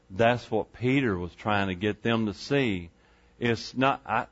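A man's voice: fairly low pitch, normal speed, lo-fi sound. A male pastor preaching a sermon in a church, folksy and conversational, asking the congregation rhetorical questions. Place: church sanctuary.

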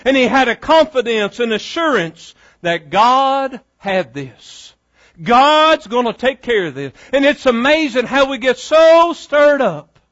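A man preaching a sermon, moving between hushed, prayerful passages and loud, impassioned exclamations. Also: extremely high pitch, animated, a little slow, muffled recording. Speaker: pastor.

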